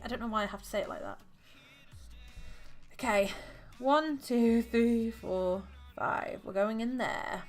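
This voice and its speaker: Woman on a craft stream, kinda high voice, chatty, counting stitches under her breath, bit of music behind. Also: normal speed. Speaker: livestream host. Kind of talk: casual crafting livestream. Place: home.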